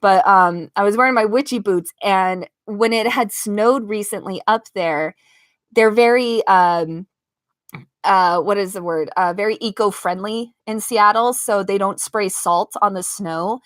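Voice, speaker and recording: Lively young American woman telling a story. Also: mid-range voice, unhurried, dry recording, studio quality. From United States (Las Vegas). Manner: lively, laughs often, acts out quoted lines. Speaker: live-stream host. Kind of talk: casual storytelling to a live chat. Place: home bedroom. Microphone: own microphone at desk.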